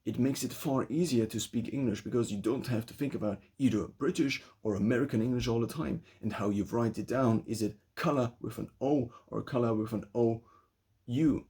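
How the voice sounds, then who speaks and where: A young male vlogger with a German accent thinks aloud in a loose spoken essay, restarting phrases as he goes. His medium-pitched voice is brisk and dark, with a breathy edge.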